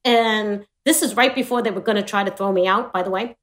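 A woman's voice: medium pitch, brisk, fairly bright tone. A middle-aged woman, a show guest, telling a story in casual chat, laughing and acting out the voices.

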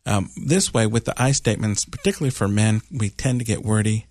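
A man hosting a radio advice show, explaining calmly at length with fillers and restarts. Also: fairly low pitch, brisk, few pauses, no room sound, studio quality. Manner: calm, explanatory, rambling with fillers. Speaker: radio advice host, doctor.

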